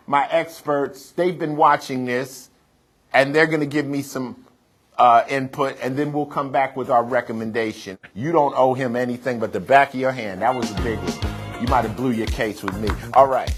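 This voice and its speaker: A man's voice: medium pitch, normal speed, husky, soft background music. A man hosting a TV mediation, bluntly questioning and teasing a roommate in slang. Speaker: TV mediator host. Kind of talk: TV mediation hearing.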